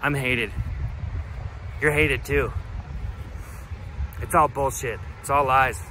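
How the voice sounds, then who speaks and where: A man's voice: mid-range voice, fairly even intonation, slow, bright, forceful tone, a little hiss or hum. A man giving a comedic, rambling rant to unseen haters, full of rhetorical questions and swearing, recorded outdoors on a hike. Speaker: comedy vlogger.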